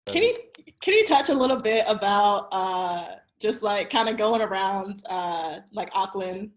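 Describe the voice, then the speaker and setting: A woman hosts a casual interview, asking loose, filler-laden questions and laughing along with her guest. Her voice sits at an ordinary middle pitch for a woman. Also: unhurried. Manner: brief backchannels, relaxed questions with fillers and laughs.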